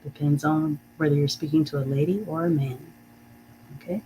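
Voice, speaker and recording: During a live-streamed reading lesson, a teacher says phrases slowly and carefully, checks in with "okay?", chuckles often, and reads out viewer comments. The mid-range voice is mellow with fairly even intonation, and the poor audio has a little hiss or hum.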